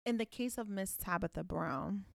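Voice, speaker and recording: A woman's voice: medium pitch, vocal fry, dry recording, clean studio sound. A woman hosting a casual chat, reflective and emphatic. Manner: reflective, emphatic, quick to laugh.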